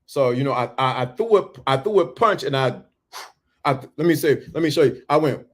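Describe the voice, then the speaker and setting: A man telling a story in a talk, animated and full of stammering restarts. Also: medium pitch, normal speed. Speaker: speaker.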